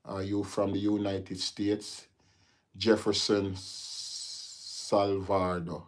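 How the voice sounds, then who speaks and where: A man's voice: sits low, level tone, very slow. A man from Jamaica with a Jamaican accent, hosting a casual livestream and answering viewer comments, turning heated and lecturing. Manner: talks straight to viewers, gets heated and lecturing. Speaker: livestream host.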